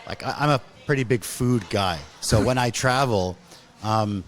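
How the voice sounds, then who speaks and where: A man's voice: mid-range voice, a little slow. A man hosting a podcast interview, easygoing and chatty, filling gaps with "okay" and "cool". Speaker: podcast host. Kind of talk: casual interview.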